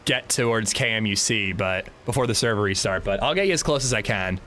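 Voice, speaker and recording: Lively-voiced male gaming streamer. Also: on the low side, brisk, a little hiss or hum. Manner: chatty, swears casually, laughs easily. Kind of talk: casual gaming chat.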